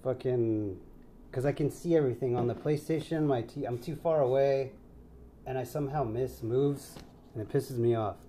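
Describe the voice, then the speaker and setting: A man's voice: mid-range voice, moderate pace, warm tone, slight background noise. A young man co-hosting a casual podcast, laid-back, swearing a lot and calling his friend dude. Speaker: podcast co-host.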